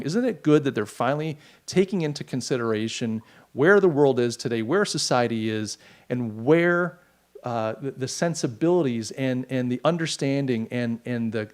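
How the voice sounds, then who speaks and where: Middle-aged male host, mid-pitched voice, chatty and rambling, quick to mock. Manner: rambling, animated, mocking asides. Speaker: podcast host. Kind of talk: casual opinion monologue.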